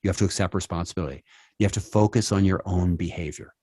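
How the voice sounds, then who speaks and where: A man's voice: sits low, steady tone, fairly quick, dark tone, slightly rough, no room sound, studio quality. A middle-aged man speaking at a church, acting out quoted apologies with many restarts. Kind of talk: conversational church talk.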